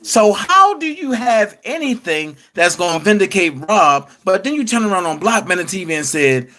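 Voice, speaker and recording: Brief: male reaction host, high and animated, sarcastic and mocking. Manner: mocking, sarcastic, drawn-out calls of a name. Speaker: commentary host reacting to clips. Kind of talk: reaction commentary.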